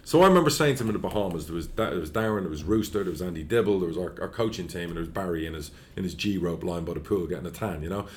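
A low-voiced man rattles through his stories fast in an interview. He is blunt, swears freely, and tells each story with energy. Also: slight background noise. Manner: blunt, profane, animated storyteller. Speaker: football club chairman.

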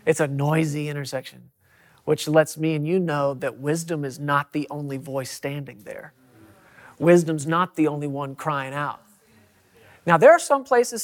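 Male pastor, fairly high voice; emphatic preaching that lifts on quoted lines. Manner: emphatic, rising for quoted scripture. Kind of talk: preaching in a church talk.

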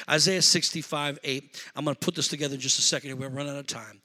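A pastor preaching a sermon, swinging from shouted calls to the congregation to quiet conversational storytelling. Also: male voice, fairly high pitch, brisk. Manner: preacherly call-and-response, shouting and dropping to conversational asides.

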